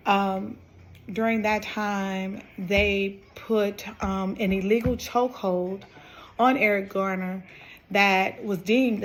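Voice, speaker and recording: A woman's voice: medium pitch, slight background noise. A young woman giving a class presentation, hesitant with many fillers. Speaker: student presenter.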